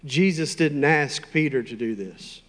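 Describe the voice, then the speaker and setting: Male pastor, sermon delivery, very slow and deliberate, slightly high voice. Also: fairly bright tone, big-room sound. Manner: slow, emphatic, playful asides to the congregation.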